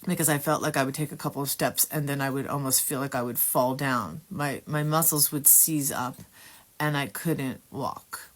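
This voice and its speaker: A woman telling her personal Christian testimony in a candid, earnest, halting way, with frequent pauses. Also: rumbling low. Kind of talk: casual personal testimony storytelling.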